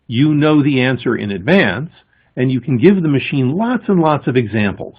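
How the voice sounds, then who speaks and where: Explaining step by step at a conference, a man speaks with emphasis, pausing ahead of important words, his slightly husky voice lively in pitch. The recording sounds thin and lo-fi, almost like a phone call.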